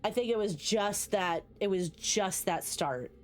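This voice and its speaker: A little slow and at medium pitch, a woman with a New Jersey accent chats with viewers while streaming a game. Her talk is casual and full of swearing, and she restarts often.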